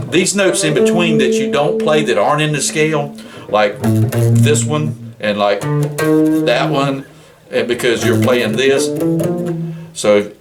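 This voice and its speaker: A man teaching guitar in a casual, rambling, folksy way, counting frets and often restarting his sentences. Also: mid-range voice. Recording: guitar loud behind voice. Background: guitar playing.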